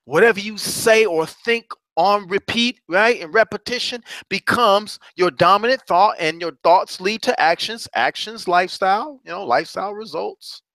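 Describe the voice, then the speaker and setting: On a broadcast, a middle-aged man coaches his audience with steadily rising fervor, chanting repeated phrases like a mantra. His voice is high-pitched and sharp, moving at a moderate pace with few pauses, and there's no room sound.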